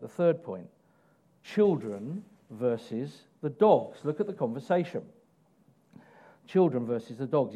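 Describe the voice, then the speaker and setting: A man preaching a sermon in an animated way, putting questions to the congregation. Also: medium pitch. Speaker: pastor.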